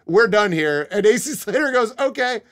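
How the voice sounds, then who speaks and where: A young man talks straight into his desk mic on a live stream, spinning a rambling story for his chat. His voice sits a little high for a man. He swears freely and keeps breaking into laughter. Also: moderate pace. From Connecticut. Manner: animated, swearing, laughing often.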